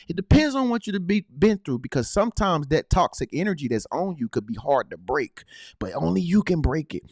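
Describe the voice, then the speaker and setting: A man's voice: fairly high pitch, a little mellow, no echo, clean studio sound. A man giving a slangy, repetitive motivational talk to his viewers. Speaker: motivational vlogger.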